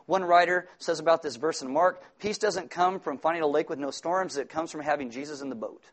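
A man's voice: fairly high pitch, a little fast. Man preaching in a conversational way. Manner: conversational preaching, rising to emphatic repetition. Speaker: pastor. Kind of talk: sermon.

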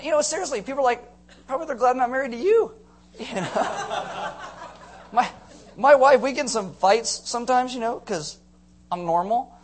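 A male pastor giving a sermon to a congregation, telling stories in a joking, animated way and acting out voices. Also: sits high. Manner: joking, animated storyteller who acts out voices. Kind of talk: sermon with storytelling. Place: church before a live congregation.

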